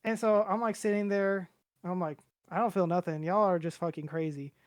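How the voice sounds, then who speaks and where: A man's voice: sits high, fairly even intonation, normal speed, no room sound, studio quality. A young man telling a long personal story on a podcast in a casual, rambling way, swearing freely and acting out what everyone said. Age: young adult. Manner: rambling, profane, acts out quoted voices.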